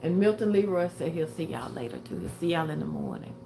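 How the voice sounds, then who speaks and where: A woman's voice: low voice, animated, fast, gravelly, warm tone, slight background noise. An older woman chatting casually with viewers on a livestream, a little tired and short of breath. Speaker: livestream host.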